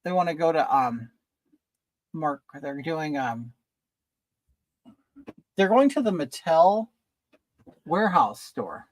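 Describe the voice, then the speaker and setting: A man's voice: a little high, very animated, slow pace, pauses often, no echo. A man hosting a casual livestream from home while doing his makeup, chatting and greeting viewers by name. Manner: chatty, reads viewer comments aloud and greets them. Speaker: livestream host.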